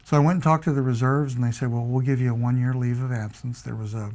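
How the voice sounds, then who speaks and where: An older American man, a retired Air Force officer, tells his memories in a sit-down oral history interview. He talks in a relaxed, storytelling way at a middle pitch and acts out what others said to him. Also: fast. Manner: relaxed anecdotal storytelling, acts out quoted dialogue.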